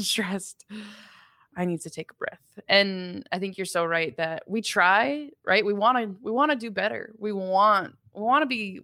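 Gravelly-voiced woman co-hosting a parenting podcast. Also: medium pitch, sharp tone, no echo, studio quality. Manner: candid, reflective, laughs at herself. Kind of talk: casual conversational storytelling.

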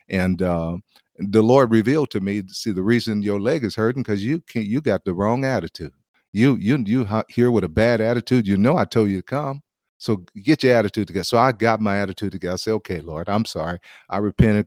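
A middle-aged American man, a former baseball player, telling a lively testimony story with restarts and chuckles. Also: lowish voice, no room sound, clean studio sound. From United States.

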